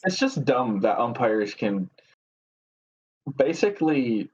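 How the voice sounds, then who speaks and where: A man's voice: mid-range voice, big pitch swings, measured pace, a little mellow, husky, lo-fi sound. A man co-hosting a podcast, giving blunt, opinionated takes in casual sports chat. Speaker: podcast co-host.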